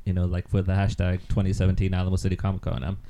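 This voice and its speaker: A man's voice: low voice, monotone, racing, vocal fry, dark tone. A man co-hosting a casual chat, rambling through an anecdote with lots of ums and easy laughs. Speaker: podcast co-host.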